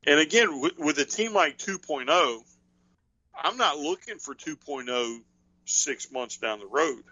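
Man, podcast co-host, casual rambling chat, lots of fillers, bright voice, dry close sound. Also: on the high side, expressive, unhurried, no room sound, low-quality recording. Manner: rambling, thinks aloud with many fillers.

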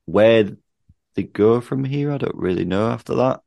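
A man's voice: medium pitch, moderate pace, vocal fry, warm tone, dry recording. A British man co-hosting a casual wrestling chat, blunt and sweary with frequent ums.

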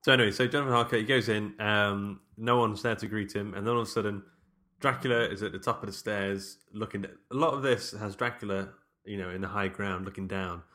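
A man's voice: on the low side, fairly even intonation, a little fast, pushed and bright. A man chatting casually about a film, laughing often and restarting his sentences.

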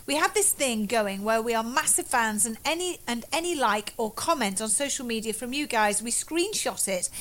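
A woman's voice: on the high side, lively intonation, moderate pace, hardly any pauses, a bit bright. A woman co-hosting a casual chat show, reading listener emails and lists with playful laughter. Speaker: podcast co-host.

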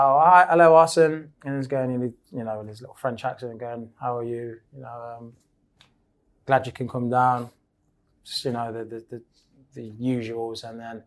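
A man's voice: medium pitch, a bit bright. Rambling English man telling stories. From England. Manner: rambling storyteller, many restarts. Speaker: guest, former footballer. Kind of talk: casual chat.

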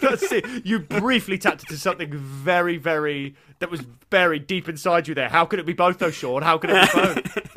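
A man's voice: fairly high pitch, expressive, sharp tone. A man co-hosting a comedy podcast, riffing playfully and laughing as he jokes. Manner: playful, quick to riff and laugh. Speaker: podcast co-host. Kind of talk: comedic banter.

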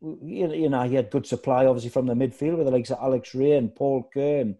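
A former footballer appearing as a guest tells football stories in casual chat, speaking fast in a mid-range voice. His anecdotes are animated, and he acts out other people's voices, including shouting.

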